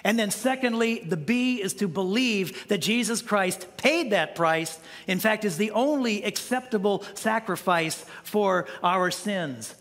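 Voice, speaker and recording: A male pastor preaches in a loose, conversational way, stumbling over and repeating words as he goes. His voice sits high and sounds bright and forceful. Long reverb from the church hall trails every phrase. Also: animated, measured pace, hardly any pauses. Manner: conversational preaching with frequent restarts and stammered repeats. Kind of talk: sermon. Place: church sanctuary.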